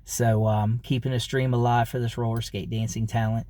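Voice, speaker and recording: A man's voice: medium pitch, little pitch movement, moderate pace, warm tone, dry recording. A man vlogging to camera in a loose, rambling way, with many fillers, restarts and chuckles. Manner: rambling, repeats himself, frequent fillers and chuckles. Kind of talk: casual talk to camera.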